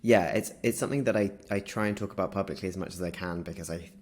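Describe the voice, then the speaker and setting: A man, a guest in a casual interview, telling a story in a lively way and often laughing through it. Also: low voice, fast talker.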